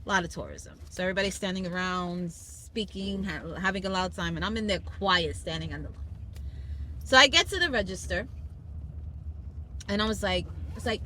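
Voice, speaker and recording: A woman with a thick New York accent spins a story for her family, acting out each voice and laughing along the way. Her tone is bright and forceful, and her pitch sits mid-range. Faint background noise stays under her voice. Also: brisk. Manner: animated storyteller, laughs often, quotes people in slang. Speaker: podcast host. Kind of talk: casual family chat.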